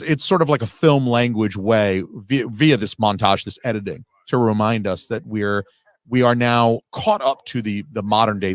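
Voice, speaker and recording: Low-voiced man rambling through a film commentary. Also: dry recording. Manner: rambling, analytical, with an occasional swear. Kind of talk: casual film audio commentary.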